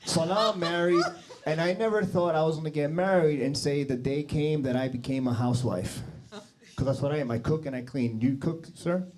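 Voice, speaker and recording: A man's voice: on the high side, fairly quick, darkish tone, slight background noise. A man doing a crude, crowd-teasing stand-up set on a studio stage. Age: 40s. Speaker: stand-up comedian. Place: TV studio stage with live audience.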